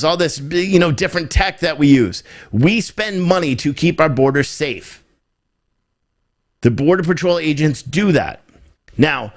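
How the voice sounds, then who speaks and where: A man from the United States giving off-the-cuff political commentary on a live stream. He repeats his points, asks rhetorical questions and often restarts his sentences. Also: on the high side. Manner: emphatic and repetitive, hammering points with rhetorical questions; rambling, with frequent restarts. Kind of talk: off-the-cuff commentary reacting to viewer chat.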